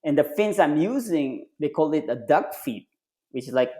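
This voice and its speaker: A man guest on a podcast, a retired Navy SEAL and triathlete, telling stories casually with loose phrasing and lively acted-out quotes. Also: moderate pace. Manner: animated, acts out quoted voices with jumps in pitch; loose phrasing with frequent restarts and fillers. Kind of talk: casual storytelling in conversation.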